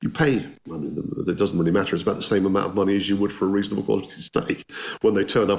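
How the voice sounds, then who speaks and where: Enthusiastic man, lowish voice. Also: expressive, fast, vocal fry. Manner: enthusiastic, conversational, with frequent restarts. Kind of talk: anecdotal storytelling.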